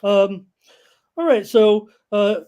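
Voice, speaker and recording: A middle-aged man co-hosting a live sports betting stream, talking in an excitable, jokey, rambling way. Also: sits high, takes it slowly, clear, resonant tone. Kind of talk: casual banter on live stream.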